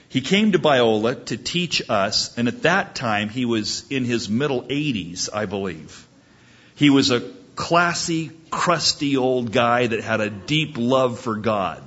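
A male pastor preaches a sermon, building his points through emphatic storytelling. His voice sits at an ordinary pitch with a husky edge. The recording is dull and lo-fi. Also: a bit bright.

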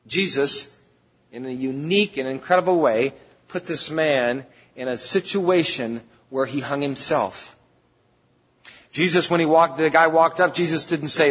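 A man's voice: fairly high pitch, measured pace, fairly bright tone, breathy edge. A man preaching a sermon as pastor, speaking emphatically and conversationally, with sudden bursts of force. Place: church sanctuary. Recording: dull lo-fi church recording with long reverb.

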